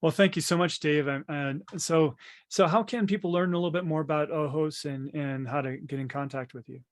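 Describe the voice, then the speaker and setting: A man's voice: on the high side, steady tone, a little fast. A man hosting a podcast interview, affirming his guest and stumbling a little over fillers. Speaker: podcast host.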